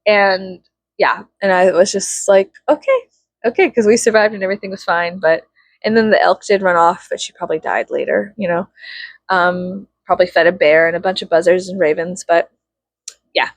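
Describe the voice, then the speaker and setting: A woman's voice: fairly low pitch, fairly even intonation, normal speed, creaky, no echo. A woman telling a casual story, chatty and profane, with a lot of laughter.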